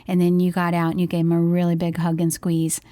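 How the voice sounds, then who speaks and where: A woman's voice: on the low side, monotone, fast, dry recording. A woman co-hosting a podcast as a parent, talking in a casual, earnest way and retelling events in detail. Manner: earnest, detailed retelling with soft quoted dialogue. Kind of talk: casual storytelling chat.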